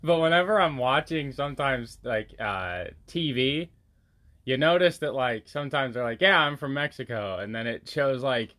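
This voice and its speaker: A man's voice: mid-range voice, expressive, normal speed, fairly bright tone. Young man laughing easily in casual chat. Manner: laughing, joking, hesitant.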